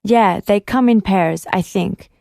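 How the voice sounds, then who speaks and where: Casting: a woman playing a gentle, shy teenage boy, warm tone, no room sound. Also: medium pitch, takes it slowly, vocal fry, dry recording, clean studio sound. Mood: friendly. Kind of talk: audiobook reading.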